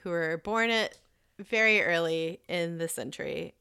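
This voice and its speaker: A woman's voice: lowish voice, expressive, unhurried, creaky, pushed and bright, smooth. A woman co-hosting a podcast in casual chat, laid-back, giggly and frank, swearing now and then. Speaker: podcast co-host.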